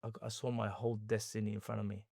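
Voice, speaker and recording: An Australian man, a podcast guest, telling his story in an animated way and acting out the people he quotes. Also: fairly low pitch, fast talker, gravelly, no echo, studio quality. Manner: animated storyteller who acts out quoted dialogue. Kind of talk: storytelling interview.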